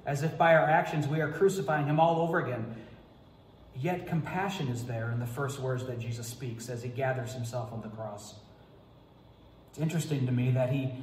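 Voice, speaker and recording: A man preaching as pastor in a Good Friday sermon, reading scripture in a slow, measured, solemn way. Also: medium pitch, darkish tone, a little hiss or hum. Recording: echoey church hall reverb.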